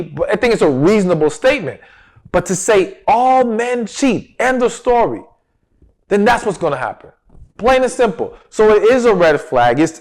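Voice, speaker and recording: A man hosting a relationship advice talk, speaking straight to the viewer with emphatic stress and rhetorical questions. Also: sits high. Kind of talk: direct-to-camera advice talk.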